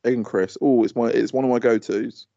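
This co-host's voice is medium in pitch, steady, creaky, and dark, and he talks a little fast. In relaxed podcast chat he grumbles amiably about pet peeves, captured in dull lo-fi audio with no echo.

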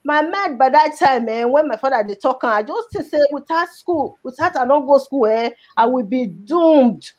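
A Nigerian woman with a Nigerian Pidgin accent tells her life story in an interview, emotional and repeating words for emphasis. Her voice is high, animated, and a little mellow, at a moderate pace with few pauses.

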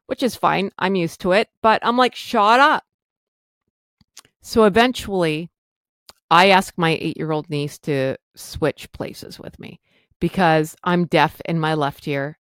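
Candid, exasperated low-voiced woman. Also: fairly bright tone, dry recording. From Canada. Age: middle-aged. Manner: candid, self-deprecating, exasperated. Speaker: podcast host. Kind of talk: personal storytelling monologue.

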